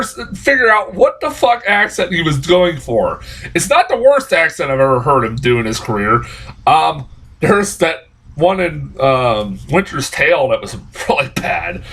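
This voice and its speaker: A man's voice: high voice, very animated, unhurried, a bit bright, slightly rough, rough recording. A young man reviewing a movie in a casual, exasperated rant, cursing often and rambling through restarts and laughs. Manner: exasperated profane ranting.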